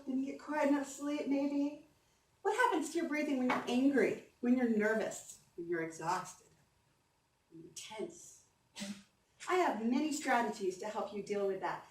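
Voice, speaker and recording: Speaking a little slowly in a high voice, the voice coach leads her conference audience through breathing exercises in a cheerful, supportive presentation, recorded at a distance in a spacious hall with soft ambience.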